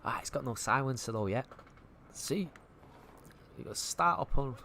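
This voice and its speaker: Playing a game, a Manchester man streams casual, slightly sweary commentary, thinking out loud as he goes. He has a mid-range, pushed and bright voice, animated and moderately paced, with slight background noise.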